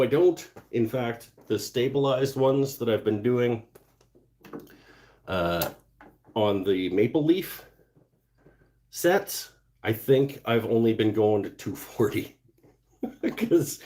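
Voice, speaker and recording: A man's voice: medium pitch, slow, pauses often. A man hosting a casual live stream from his home workshop, reading out viewer comments and muttering to himself as he works. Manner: relaxed, thinking aloud, muttering while working. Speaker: woodturning livestream host.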